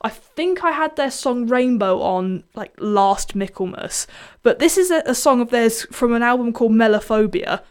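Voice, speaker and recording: A young woman presents her music radio show in a loose, chatty way. Her voice sits a little high, and she rambles happily and pokes fun at herself as she introduces listener picks and songs. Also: lively intonation, moderate pace, smooth. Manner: chatty, self-deprecating, erratic.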